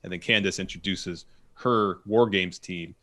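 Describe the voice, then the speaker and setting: A man co-hosting a podcast, chatting quickly and casually about wrestling, often chiming in to agree. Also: deep voice, fairly even intonation, a bit bright. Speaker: podcast co-host. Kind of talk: casual wrestling recap chat.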